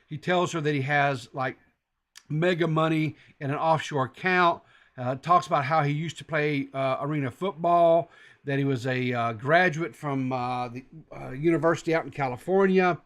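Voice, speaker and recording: A man's voice: fairly high pitch, normal speed, fairly bright tone. Rambling man recapping a story. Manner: meandering, loose storytelling recap. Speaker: podcast host. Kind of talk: casual podcast chat.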